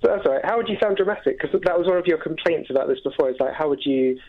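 A man on the radio asks brisk, friendly questions and talks quickly. His voice sits a little high. The line sounds dull and lo-fi. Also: animated, a loud crowd. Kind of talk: casual radio chat.

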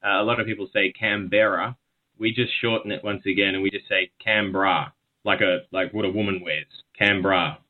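An Australian man talking as a guest, telling stories in a relaxed chat and laughing easily. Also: lowish voice, fast talker, few pauses. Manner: chatty storyteller, laughs easily. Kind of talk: casual chat. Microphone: phone call. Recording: tinny phone line.

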